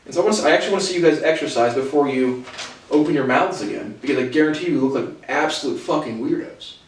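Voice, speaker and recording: A man's voice: fairly high pitch, quick pace, slight background noise. Blunt rambling man in an echoey room. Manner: blunt, profane, repeats "again" and restarts. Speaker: solo commentator. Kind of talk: rambling solo monologue. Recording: very echoey room, distant mic.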